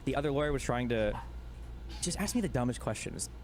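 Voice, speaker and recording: A man's voice: medium pitch, expressive, background noise. A man casually recounting a court hearing, amused, with lots of "like" and "um". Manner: rapid, amused storytelling with fillers. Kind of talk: casual chat.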